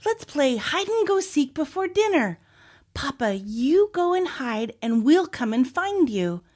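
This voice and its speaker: An excited little girl from a storybook, put on by a woman reading aloud. She is bubbly and exclamatory, high and very lively, but never hurried.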